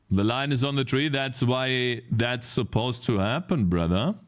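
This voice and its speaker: Debugging his game on a live coding stream, a young man talks to chat, muttering to himself and flipping from annoyance to delight. His voice is medium-pitched and a little slow, with few pauses, and he swears and repeats phrases under his breath.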